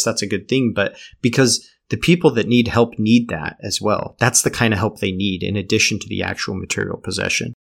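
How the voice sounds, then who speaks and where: Low, gravelly-voiced man musing. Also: fairly bright tone. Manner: reflective, with frequent "you know" and "like" fillers. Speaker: podcast guest. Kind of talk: casual conversational discussion.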